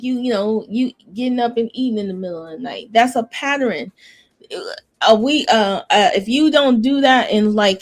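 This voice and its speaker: A woman co-hosting a casual podcast chat, animated and quick to cut in with "listen". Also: fairly high pitch. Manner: animated, talks over others, repeats "listen" and "beautiful". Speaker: podcast co-host.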